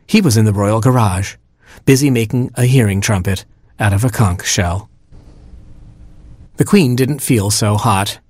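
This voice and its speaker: Husky man reading a storybook. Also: fairly low pitch, a little slow, dry recording, studio quality. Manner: wry, deadpan storytelling. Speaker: narrator.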